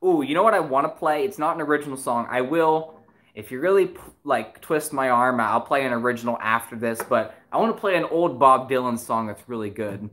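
Casual livestream chat, giggly, excitable, rambling, middle-pitched voice, musician host. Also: brisk.

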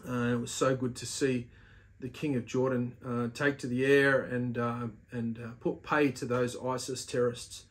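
A man's voice: medium pitch, little pitch movement, normal speed. A man hosting his own video and giving a casual religious teaching monologue, earnest and exhorting, with frequent "uh" fillers.

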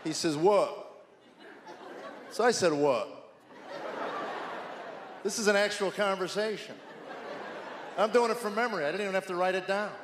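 Wry stand-up dad in an echoey hall. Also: male voice, sits high, fast talker, crowd noise, background noise. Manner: wry, exasperated storytelling dad. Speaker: stand-up comedian. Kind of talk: stand-up comedy routine. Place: large theater stage with live audience. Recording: echoey hall, audience laughter.

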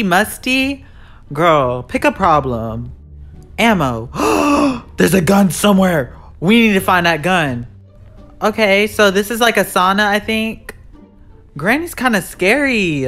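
A woman giving live commentary as she plays a horror game. She talks in an excitable, jumpy way, with sudden shrieks and slangy asides. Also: medium pitch. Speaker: gaming YouTuber.

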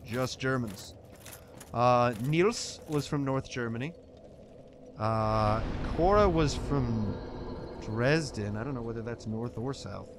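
A man's voice: mid-range voice, slow, noisy background. A man co-hosting a let's play, arguing in a pedantic, sarcastic way during casual gaming commentary.

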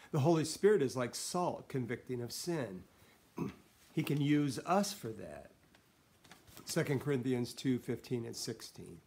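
A middle-aged man, a pastor, giving a midweek devotional talk, reading scripture in an earnest way and often clearing his throat. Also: mid-range voice, darkish tone.

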